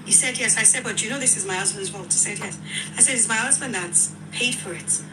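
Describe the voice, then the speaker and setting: A woman with a Nigerian accent, telling her own account as a widow, animated and quoting others in dialogue. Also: on the high side, fast, loud music behind the voice, rough recording. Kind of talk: emotional personal account.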